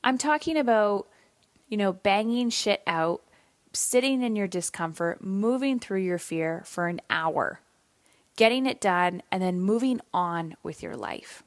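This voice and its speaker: A woman's voice: medium pitch, lively intonation, unhurried, no echo. A woman in her thirties hosting a solo podcast, talking candidly and casually with some swearing, tired and yawning. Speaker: podcast host.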